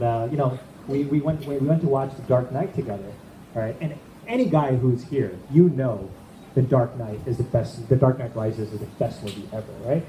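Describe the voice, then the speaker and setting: A man's voice: medium pitch, warm tone. A man doing a stand-up comedy set at an event, chatty and checking in with the crowd. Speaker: amateur stand-up comic. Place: event room with a live audience. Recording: echoey room with background noise.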